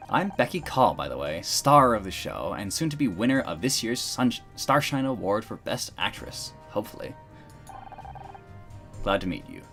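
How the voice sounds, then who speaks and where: A man's voice: on the low side, big pitch swings, normal speed, vocal fry, fairly bright tone, soft background music, heavily acted. A vain young actress with a bouncy, swooping voice, put on by a man reading a game aloud. She brags breezily. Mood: boastful. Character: vain young female actress, self-promoting.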